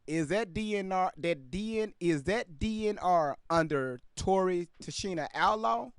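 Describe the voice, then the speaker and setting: A man's voice: high-pitched, expressive, measured pace, clear, resonant tone, no echo. A man hosting a casual commentary video, talking loosely and with plenty of swearing straight to his viewers. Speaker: commentary channel host.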